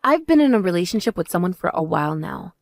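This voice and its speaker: A woman voicing a composed older sister who speaks in a calm, measured and cutting way. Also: no room sound, clean studio sound, faint music behind. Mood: cool. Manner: measured, calm, lower and drier.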